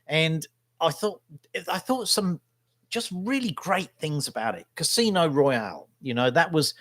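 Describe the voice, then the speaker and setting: A man's voice: on the high side, animated, unhurried, fairly bright tone, no room sound, clean studio sound. Chatty, opinionated middle-aged man. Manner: opinionated, chatty, keeps tagging "right?". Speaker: vlogger and local newspaper photographer. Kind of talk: casual rambling monologue.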